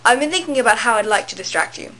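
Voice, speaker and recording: A young woman reading aloud a calm, teasing teenage boy from a novel, softly and low-key. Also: quick pace, a little hiss or hum, poor audio.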